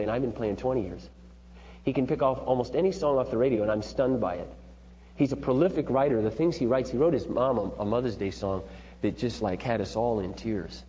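A middle-aged man leading a parenting seminar, talking in a rambling, folksy, animated way to a group. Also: mid-range voice. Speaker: seminar leader. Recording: dull echoey hall with faint hum.

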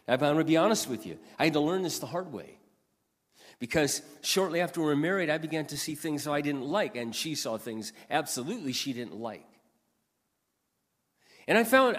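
A man's voice: fairly high pitch, expressive, moderate pace, a bit bright. Emphatic man preaching in a hall. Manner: earnest, emphatic, repeats lines for stress. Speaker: pastor. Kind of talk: sermon. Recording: long hall reverb.

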